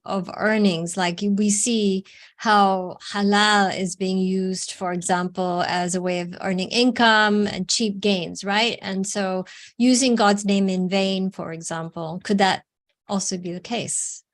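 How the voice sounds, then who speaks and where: A woman's voice: mid-range voice, little pitch movement, slow. A woman reading scripture aloud in a study session and asking questions, careful and slightly hesitant. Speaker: reader and student.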